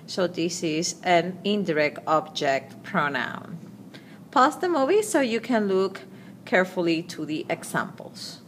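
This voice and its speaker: A woman teaches a grammar lesson at an unhurried pace. Her pitch moves up and down a lot as she reads out each verb form. A faint hiss of room noise sits behind her voice. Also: big pitch swings. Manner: slow, deliberate, repeating conjugations aloud. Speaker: Spanish teacher. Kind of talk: slide-based grammar lesson.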